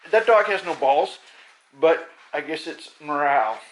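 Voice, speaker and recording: A man's voice: on the high side, lively intonation, a little slow, slight background noise, poor audio. A man recording himself, talking in an agitated, rambling way, swearing often and restarting his sentences. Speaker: self-recording programmer. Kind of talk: rambling self-filmed monologue.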